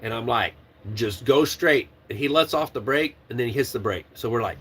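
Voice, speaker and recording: A man's voice: medium pitch, moderate pace, pauses often, breathy edge. Man telling a trucking story, swearing freely. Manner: animated, swears and laughs while retelling. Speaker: truck driving trainer. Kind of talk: casual storytelling.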